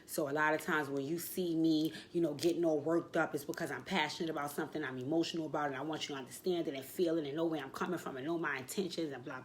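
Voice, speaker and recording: A woman with a slightly low voice shares a heartfelt personal vlog, her talk emotional and reflective as she fights back tears. A faint hum of room noise sits behind her. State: tearful. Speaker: vlogger.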